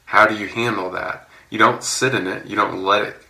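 Deep gravelly-voiced man preaching. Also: moderate pace. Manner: conversational, relaxed storytelling with fillers. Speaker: pastor. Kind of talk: sermon. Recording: echoey room.

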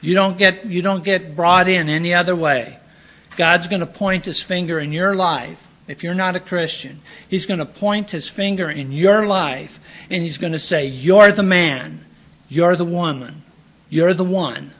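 A man preaching a sermon in an earnest, plain-spoken way, often pausing and clearing his throat. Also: high-pitched, fairly bright tone.

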